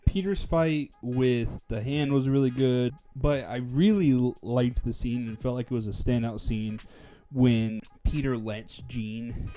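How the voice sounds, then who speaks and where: A man giving a casual spoken movie review, animated, often acting out characters' lines in a raised voice. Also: medium pitch.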